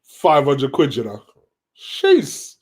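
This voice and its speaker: A man hosts a relaxed live stream and answers viewer questions as he goes. He talks in a loose, chatty way at a middle pitch. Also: unhurried. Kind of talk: casual live stream chat.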